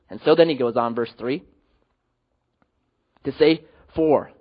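A man preaching a sermon as pastor, animated, rising to loud emphatic peaks and dropping to quiet low endings. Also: unhurried, pauses often, lo-fi sound.

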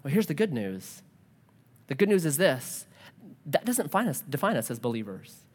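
A man preaching a sermon as a pastor, animated and joking, acting out quoted voices. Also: a little high, moderate pace, breathy edge. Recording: long hall reverb.

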